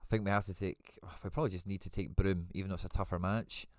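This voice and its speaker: A man's voice: deep voice, steady tone, fast talker, no echo, clean studio sound. A man hosting a live stream, chatting casually and thinking aloud as he answers viewer comments. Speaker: host.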